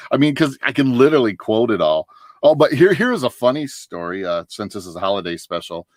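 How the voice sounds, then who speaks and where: With an expressive, mid-range voice and a fast pace, this livestream guest chats casually on a recording with no room sound. He's a middle-aged northern Michigan man who tells long, rambling stories, laughing a lot and restarting often.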